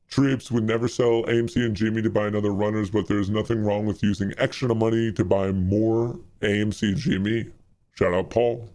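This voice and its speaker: A man's voice: lowish voice, level tone, fairly quick, darkish tone. A man hosting a casual livestream, reading viewer messages aloud and answering them off the cuff. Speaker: host.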